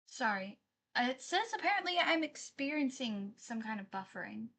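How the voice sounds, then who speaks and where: A woman's voice: high-pitched, big pitch swings, normal speed, fairly bright tone. A woman live-streaming, chatting casually with her viewers, apologizing often and reading their messages aloud.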